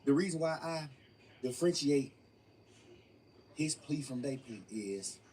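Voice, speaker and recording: A man's voice: a little high, animated, unhurried, darkish tone, slightly rough. A young man being interviewed, telling his story emphatically and profanely, often repeating phrases. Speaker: interview guest. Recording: distant mic with faint room noise.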